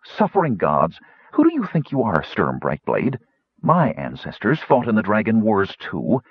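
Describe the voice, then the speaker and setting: A man voicing a fiery, outspoken woman warrior who argues forcefully. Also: fairly low pitch, wildly swooping pitch, moderate pace, slightly rough, dry recording, muffled recording, full character voice. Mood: persuasive. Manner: forceful, persuasive.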